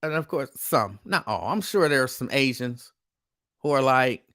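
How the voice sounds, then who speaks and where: A man's voice: medium pitch, expressive, moderate pace, a bit bright. A man hosting a casual live stream, talking in an emphatic, repetitive, conversational way. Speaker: host.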